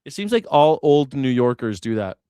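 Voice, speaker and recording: A man hosting a live reaction stream, riffing and joking in loose, rambling commentary. His voice comes through smooth and crisp, recorded dry and close with no room sound. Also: mid-range voice, big pitch swings, moderate pace, mellow, no room sound. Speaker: host.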